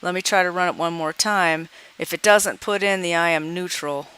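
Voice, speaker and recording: A woman's voice: on the low side, moderate pace, pushed and bright, clean tone. A woman walking through a coding example in a screencast tutorial, thinking aloud as she debugs and reads out dialog lines. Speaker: programming teacher.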